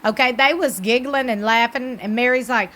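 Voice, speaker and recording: Bright-voiced woman recapping TV. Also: fairly high pitch, moderate pace. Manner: animated, emphatic, chatty. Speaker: TV recap YouTuber. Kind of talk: casual chat recap.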